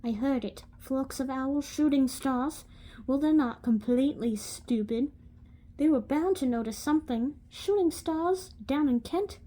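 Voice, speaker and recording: A woman's voice: sits high, a little slow, dark tone. A woman voicing a stern, irritable older woman professor with an attempted accent. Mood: impatient.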